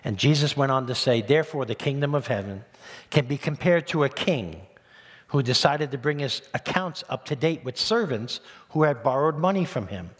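A man preaching a sermon as pastor, animated, with rhetorical questions and rising emphasis. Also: mid-range voice, normal speed. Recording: long reverb of a church hall.

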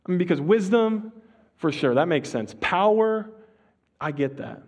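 A man's voice: high voice, animated. Man preaching in a casual slangy way. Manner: drops to a slow hush on key phrases. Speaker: pastor. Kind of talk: sermon.

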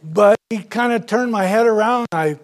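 A male pastor preaching a sermon, retelling scripture stories with big swings from loud to soft. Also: sits high, moderate pace. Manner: storytelling, dramatic swings in loudness.

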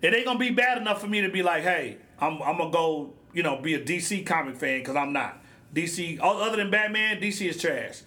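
A man with a high, bright voice rants through a solo podcast episode, blunt and animated. His talk is slangy and loose, with the feel of a casual chat into a podcast mic. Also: a little fast. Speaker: podcast host. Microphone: podcast microphone.

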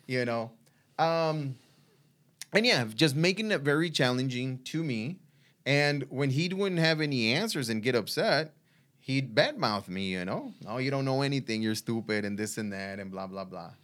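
Man, mid-pitched, telling a personal story haltingly with many restarts. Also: fairly bright tone. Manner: halting, with frequent restarts and fillers. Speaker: guest sharing a faith testimony. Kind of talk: conversational storytelling.

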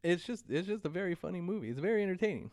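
A man hosting a casual movie chat, excitable and jokey, laughing often. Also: high-pitched, rapid-fire, no room sound, clean studio sound.

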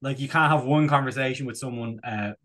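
A man's voice: mid-range voice, a little fast, a bit bright. A man from Ireland, a podcast co-host chatting casually, rambling and joking with lots of fillers and restarts. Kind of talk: casual chat.

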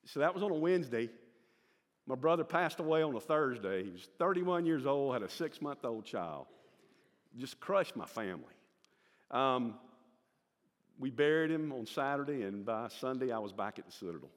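A man's voice: mid-range voice, sing-song, moderate pace, big-room sound. Older Southern man telling his testimony. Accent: Southern American. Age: 60s. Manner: folksy storyteller, acts out the voices in his stories. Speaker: church member giving his testimony. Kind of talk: personal church testimony.

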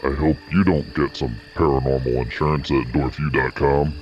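A man voicing a mischievous Bigfoot for a comedy ad, his voice lowered with echo and distortion. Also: steady tone, moderate pace, highs cut off. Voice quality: deep, distorted, echoey. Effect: pitched down with echo and distortion.

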